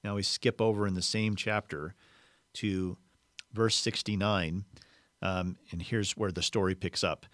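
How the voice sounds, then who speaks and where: A man with a fairly low voice preaching a sermon. He walks his listeners through a Bible passage in a relaxed, explanatory way. The sound is dry and close, with no room echo. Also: a little slow. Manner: conversational, explanatory teaching.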